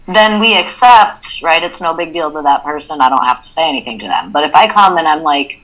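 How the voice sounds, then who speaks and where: A woman's voice: sits low, animated, moderate pace, few pauses, a bit bright, poor audio. A woman co-hosting a podcast, talking in a reflective, casual way and working through ideas with examples. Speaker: podcast co-host. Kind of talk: casual chat.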